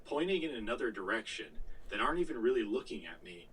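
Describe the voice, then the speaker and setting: A man's voice: medium pitch, sing-song, fast, fairly bright tone, husky, far from the mic, poor audio. A man co-hosting a podcast, telling a long gaming story in casual chat, full of fillers, restarts and the odd swear word. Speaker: podcast co-host.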